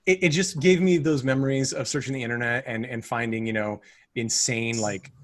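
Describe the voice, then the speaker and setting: A man's voice: medium pitch, steady tone, fairly quick, dry recording. A man co-hosting a film podcast, chatting casually about a movie, rambling with lots of fillers and restarts. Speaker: podcast co-host. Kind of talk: casual film review chat.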